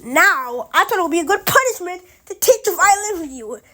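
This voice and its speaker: A woman's voice: extremely high pitch, sing-song, brisk, pushed and bright, full character voice. A woman voicing a clingy, possessive girl who sounds sweet but turns spiteful, in a sing-song sugary manner.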